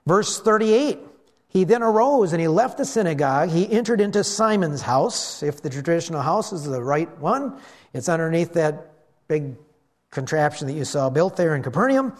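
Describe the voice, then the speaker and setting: A male pastor preaching to his congregation, his voice sitting high and leaping up and down in pitch. He throws himself into the story, taking on the voices of its characters as he preaches. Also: normal speed. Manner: animated, acts out the voices in the story. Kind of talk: sermon.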